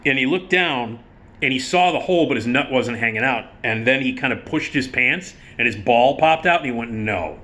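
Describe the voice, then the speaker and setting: A man telling a casual, profane theater story, animated and quick to laugh. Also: medium pitch.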